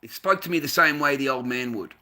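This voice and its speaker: A man's voice: medium pitch, brisk, sharp tone. An Australian man telling a heated, profane story about being mistreated as a volunteer, repeating himself as he complains. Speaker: volunteer recounting a workplace dispute. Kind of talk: angry casual rant to camera.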